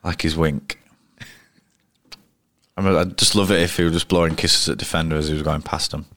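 A man's voice: very deep voice, steady tone, brisk, a bit bright, no echo. A man in his thirties, a cricketer guest telling anecdotes in a rambling, casual way full of restarts. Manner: rambling, frequent restarts and fillers. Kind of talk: casual storytelling interview.

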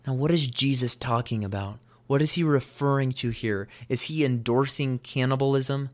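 A man's voice: mid-range voice, normal speed. A man preaching a sermon as pastor, reading scripture aloud and repeating key phrases with emphasis.

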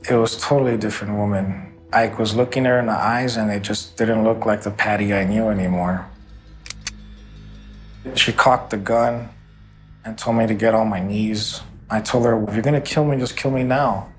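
A man's voice: on the low side, little pitch movement, normal speed, soft background music. A man giving documentary interview testimony, recounting a shooting in an earnest, emotional first-person way.

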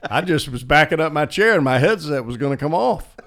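A man's voice: a little high, lively intonation, a little fast, fairly bright tone. A man with a Southern American accent, a radio color commentator, telling folksy stories in casual chat.

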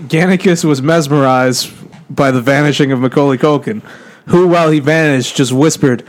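A man's voice: fairly high pitch, moderate pace, hardly any pauses. A man co-hosting, telling an improvised comedy story with lots of laughter. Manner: animated, laughing often.

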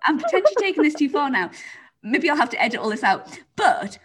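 A woman's voice: sits high, sing-song, fast talker. A woman hosting a casual chat, chatty and laughing often, with lots of "like" and some swearing. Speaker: podcast host.

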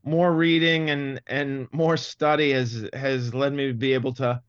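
The guest here is a comedian in his fifties from Massachusetts whose neutral, Midwestern-style American accent carries a thoughtful, halting conversation full of restarts. He talks in a flat, medium-pitched voice at a measured pace, with a clean tone. The audio is dry and dull.

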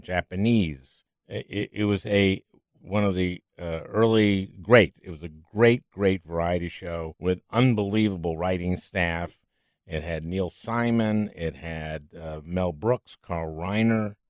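A man's voice: low voice, no echo. An older man hosting an interview, chatting in a joking, enthusiastic way and often repeating words for emphasis. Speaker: podcast host. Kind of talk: casual interview chat.

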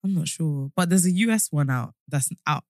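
A woman's voice: low voice, brisk, darkish tone, no room sound, clean studio sound. A young woman co-hosting a podcast in casual chat, laughing often, swearing freely and slipping into playful put-on voices. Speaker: podcast co-host.

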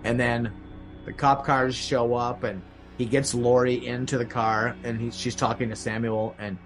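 A man's voice: medium pitch, little pitch movement, moderate pace, rough recording. Male podcast host, loose rambling recap, frequent fillers, faint music bed. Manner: rambling, many fillers, acts out quotes. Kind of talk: casual recap of a horror film.

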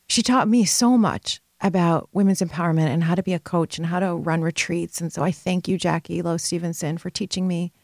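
A woman in her forties, a retreat leader and women's coach, telling personal stories in an animated way, with big leaps in pitch. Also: no echo, clean studio sound. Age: 40s. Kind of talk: personal storytelling monologue.

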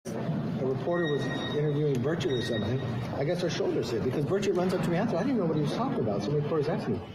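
A man's voice: on the high side, sing-song, a loud crowd. A man answering reporters in a hallway scrum, denying the accusations defensively. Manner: quick, defensive denials. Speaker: interviewee. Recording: roomy hallway with background noise.

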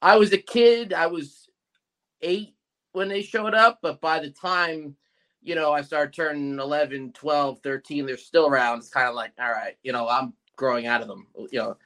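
A man's voice: fairly high pitch, steady tone, normal speed, a bit bright. A man in his forties chatting casually as a podcast host, rambling with many fillers and restarts. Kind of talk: casual chat.

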